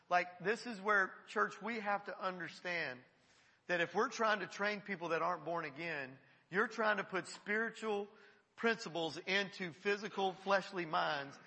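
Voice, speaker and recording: A pastor delivers an earnest, conversational sermon in a slightly high, very bright voice. He circles back and repeats his phrases as he builds a point. The sound carries the long reverb of a church sanctuary. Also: moderate pace. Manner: earnest, conversational preaching with repetitions.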